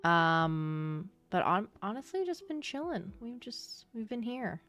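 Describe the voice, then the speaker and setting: A young woman livestreamer chatting casually and excitably with her viewers, swearing now and then. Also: mid-range voice, slow pace, faint music behind. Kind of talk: casual chat with live chat.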